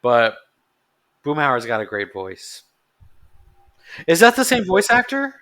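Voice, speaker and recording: A man co-hosting a podcast, thinking aloud in a casual, halting way. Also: a little high, huge pitch swings, sharp tone. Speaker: podcast co-host. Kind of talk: casual chat.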